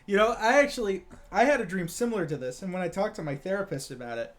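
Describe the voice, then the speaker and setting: Young dude, high-pitched, rambling story to his buddies, lots of stammering. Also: expressive, quick pace. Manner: rambling, stammers and restarts, acts out quotes. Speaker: podcast co-host. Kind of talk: casual storytelling among friends.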